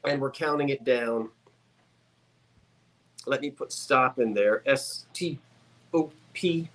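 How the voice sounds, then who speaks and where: A man's voice: medium pitch, slow, a bit bright. A man selling items on a live sale stream, with chatty, joking sales patter. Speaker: guest seller on a live sale.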